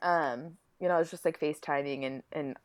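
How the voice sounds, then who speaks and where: A young woman co-hosting a podcast, telling a personal story in a casual, expressive way with frequent laughter. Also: deep voice, moderate pace. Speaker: podcast co-host.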